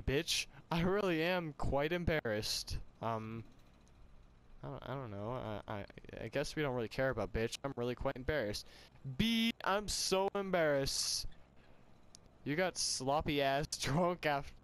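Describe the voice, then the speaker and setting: A man's voice: medium pitch, smooth. A young man playing a game and reading its dialogue aloud with casual, sweary commentary, on a glitchy home mic. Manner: casual, swearing, laughing, putting on voices for the game's characters. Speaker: let's player.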